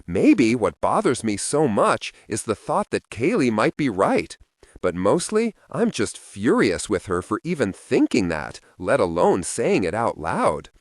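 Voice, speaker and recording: A man reading a first-person young adult story as an audiobook narrator, with expressive delivery. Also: medium pitch, measured pace, no echo, clean studio sound. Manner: expressive, shifting voices for characters.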